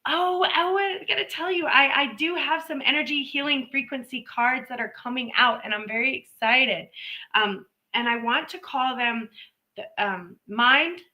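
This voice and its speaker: A woman chats her way through a live reading stream in a loose, rambling manner, sprinkling in playful asides. Her voice is bright and clear and sits a little high. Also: normal speed, low-quality recording. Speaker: intuitive reader and host of a live stream. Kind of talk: casual live-stream talk. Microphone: live stream microphone.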